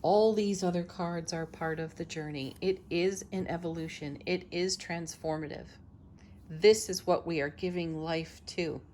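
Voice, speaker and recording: A woman reads tarot cards for her viewers in an unhurried, gently affirming voice. Her tone sits a little low, and she often stops to laugh softly between cards. A faint hum of background noise stays under her words. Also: fairly even intonation. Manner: slow, soothing, affirming delivery. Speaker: tarot reader, channel host. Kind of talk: tarot reading to camera.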